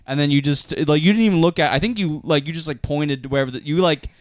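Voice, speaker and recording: A young man chats on a podcast with a smooth, clear voice, trading deadpan lines and laughing through his stories. The sound is dry and close, with no room around it. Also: a little high, fast, no echo. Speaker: podcast co-host. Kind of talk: casual chat.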